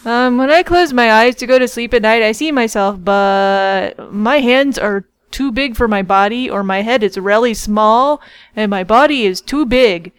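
A woman co-hosting a comedy podcast, reading out a listener's question in a measured, deadpan way. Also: a little high, clear, resonant tone, no echo. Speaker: podcast co-host.

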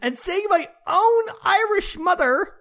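A woman's voice: very high-pitched, animated, takes it slowly, sharp tone, exaggerated voice. A woman putting on a Welsh accent, playing a chipper, crude woman who reviews games and is rowdy and gleeful. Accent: put-on Welsh. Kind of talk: comic reading of a review in character.

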